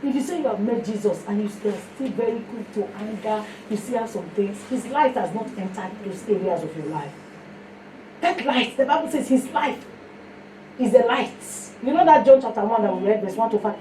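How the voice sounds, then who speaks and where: A woman with a Nigerian accent giving a sermon mixed with her own testimony, telling stories in an animated way. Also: medium pitch, moderate pace. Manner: storytelling, animated, breaks into song. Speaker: fellowship speaker. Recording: echoey room, mic heard from a distance, faint noise.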